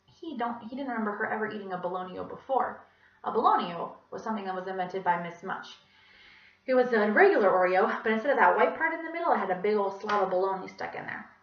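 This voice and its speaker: A young woman performing a children's story aloud for a storytelling class, animated and voicing many characters. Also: mid-range voice, fast. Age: young adult. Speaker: student storyteller. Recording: distant mic, roomy, dull sound.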